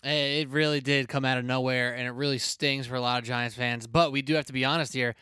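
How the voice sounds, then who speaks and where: A man hosting a sports podcast, energetic, blunt and chatty. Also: medium pitch, fairly quick, clear, resonant tone, no room sound, clean studio sound. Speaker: podcast host. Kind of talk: casual sports podcast talk.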